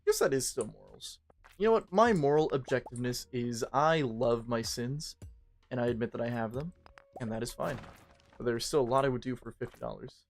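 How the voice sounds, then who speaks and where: A man's voice: medium pitch, fairly quick, vocal fry, faint music behind. A man chatting casually on a livestream, swearing a lot and rambling in a joking way. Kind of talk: casual stream chat.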